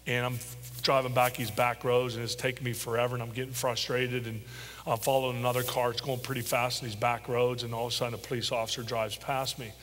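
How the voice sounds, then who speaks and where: A middle-aged father, as an interview guest, tells a personal story in a halting, heartfelt way with many pauses and ums. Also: medium pitch, little pitch movement, a bit bright. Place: large church hall. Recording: echoey church hall with faint hum.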